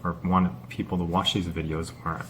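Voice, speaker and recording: Low-voiced man vlogging, halting and rambling. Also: little pitch movement, slight background noise. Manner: rambling, halting, many fillers and restarts. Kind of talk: casual unscripted vlog talk.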